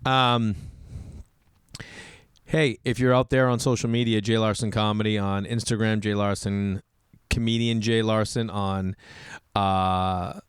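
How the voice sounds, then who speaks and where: A hoarse man with a low voice rambles through a casual solo chat as a comedian host, poking fun at himself between fillers. His tone stays smooth and resonant despite the strain, and the sound is dry and close with no room echo. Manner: rambling, loose, self-mocking with many fillers. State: hoarse, recovering lost voice. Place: home indoors with rain on the roof.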